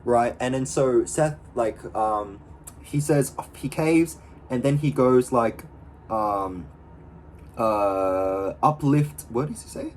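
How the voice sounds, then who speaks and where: Man, casual vlog chat, excitable, slangy, swears a lot, faint background hum. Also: mid-range voice, slow pace. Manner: excitable, slangy and profane, full of fillers. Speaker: vlogger. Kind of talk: casual talk to camera.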